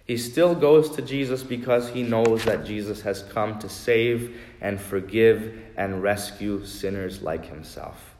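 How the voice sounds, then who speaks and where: A pastor preaching a sermon with earnest, measured emphasis, often slowing down and dropping his voice. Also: on the low side, a little mellow, roomy sound, in a large hall. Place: church.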